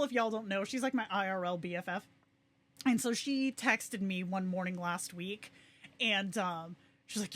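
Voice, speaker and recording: A young adult woman hosting a casual livestream, chatting excitedly and reacting to viewers with quick asides. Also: medium pitch. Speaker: livestream host.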